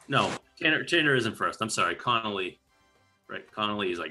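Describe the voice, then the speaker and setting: A man's voice: deep voice, normal speed, bright, forceful tone, soft background music. A man hosting a casual movie podcast, rambling through scenes and acting out lines. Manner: rambling recap, acts out lines. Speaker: podcast host.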